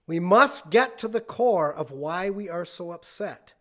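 A man's voice: high voice, lively intonation, a little slow, few pauses, bright, forceful tone. A man preaching a conversational sermon, telling folksy stories and chuckling along the way. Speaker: pastor.

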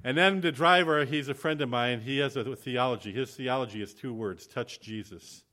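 A visiting male preacher gives an animated, storytelling sermon at an ordinary middle pitch for a man, speaking a little fast. He acts out quoted voices, addresses the congregation plainly and directly, then moves into a spoken prayer.

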